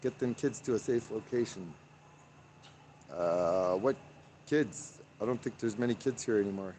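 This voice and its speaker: A man's voice: on the low side, measured pace, mellow, a little hiss or hum. A man chatting on a live stream from the street outdoors, reading viewer comments aloud and rambling with many fillers. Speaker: livestreamer.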